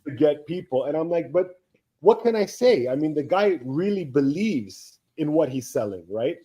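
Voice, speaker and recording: Husky-voiced man in his thirties telling stories. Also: on the high side, normal speed, low-quality recording. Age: 30s. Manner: rambling anecdotes, animated quoting of others. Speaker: co-stream host. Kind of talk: casual storytelling chat.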